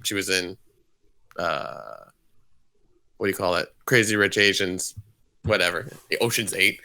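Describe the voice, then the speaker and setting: Bright, clear-voiced man chatting. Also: sits low, unhurried. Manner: easygoing, agreeable, many "yeah"s and "like"s. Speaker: podcast co-host. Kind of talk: casual chat.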